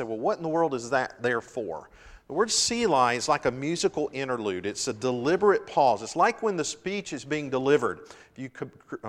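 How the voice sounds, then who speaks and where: A middle-aged male pastor delivers an earnest sermon, letting his voice rise for emphasis and fall back to a quiet, reflective tone. His voice carries a long reverb tail from a large hall. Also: medium pitch. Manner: earnest preaching with swells of emphasis and dramatic pauses.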